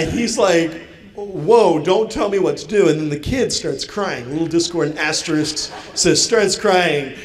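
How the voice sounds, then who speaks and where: A man telling a comic story on stage, acting out chat-room lines in different voices. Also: a little high. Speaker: stand-up comedian. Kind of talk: stand-up comedy storytelling. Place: convention hall with audience. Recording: live hall with crowd laughter. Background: audience laughter.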